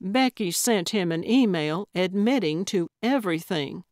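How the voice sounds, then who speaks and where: A woman voicing a feisty, eccentric elderly woman amateur sleuth, quick-witted and cheeky in an audiobook. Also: fairly low pitch, animated, darkish tone, no room sound, clean studio sound.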